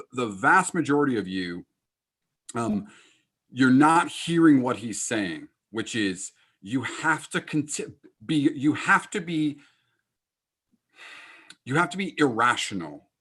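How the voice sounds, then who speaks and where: A man's voice: medium pitch, big pitch swings, slow pace, fairly bright tone, slightly rough. Fired-up man hosting a podcast. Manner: fired-up, emphatic explaining. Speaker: podcast host. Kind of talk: casual podcast conversation.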